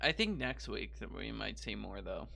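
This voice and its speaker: A teenage boy hosting a podcast, chatting casually and rambling with quick laughs. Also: fairly low pitch, sing-song, creaky, pushed and bright, no echo. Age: teens. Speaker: podcast host. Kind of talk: casual chat.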